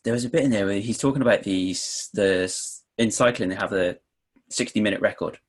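Husky low-voiced man from the UK. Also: brisk. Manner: relaxed storyteller, swearing. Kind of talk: casual podcast chat.

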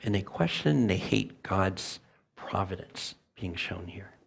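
A man's voice: low-pitched, animated, measured pace, vocal fry, slightly rough. A man preaching a sermon as a church elder, earnest and emphatic, often acting out quoted voices.

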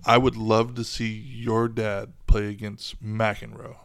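A man's voice: fairly low pitch, flat delivery, slow, gravelly, fairly bright tone, dry recording, clean studio sound. A man chiming in on a casual sports podcast with brief, agreeable remarks. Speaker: podcast co-host.

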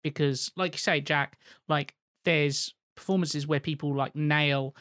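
A man's voice: on the high side, steady tone, unhurried, a bit bright, no room sound, studio quality. A man co-hosting a podcast in casual chat, talking in a thoughtful, winding way.

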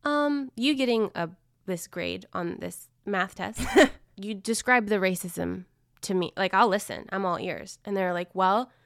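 A woman guest on a podcast, talking in a chatty, animated way about teaching, full of likes. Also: medium pitch, unhurried, vocal fry, no room sound, studio quality. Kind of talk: casual chat.

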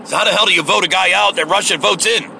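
Heated, profane man ranting, gravelly bright voice. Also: sits high, quick pace, a little hiss or hum, low-quality recording. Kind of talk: ranting political monologue.

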